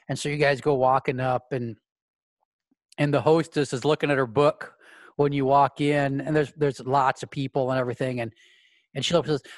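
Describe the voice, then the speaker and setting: A man's voice: mid-range voice, flat delivery, normal speed, no room sound. A man narrating a tabletop role-play game as game master, rambling with repeated words and casual swearing.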